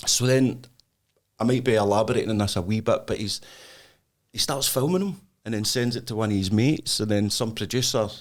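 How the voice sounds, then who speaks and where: A man with a Scottish accent, co-hosting a podcast and telling stories in a studio, his voice leaping up high when he gets excited. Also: a little fast. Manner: animated storyteller, voice jumps up high when excited. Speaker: podcast co-host. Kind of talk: casual chat, storytelling.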